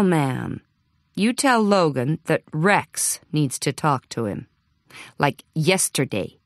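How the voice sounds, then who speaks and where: A woman voicing a blunt, impatient American male boss on the phone, talking in a folksy, gruff way. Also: sits high, a bit bright, no echo, clean studio sound. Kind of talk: audiobook character voice.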